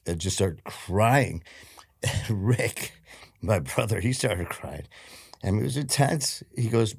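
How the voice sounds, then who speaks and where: Low-voiced male interview host. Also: lively intonation, slow pace, creaky, slightly rough, no echo, clean studio sound. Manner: storytelling, emphatic when retelling. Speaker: podcast host. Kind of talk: conversational interview.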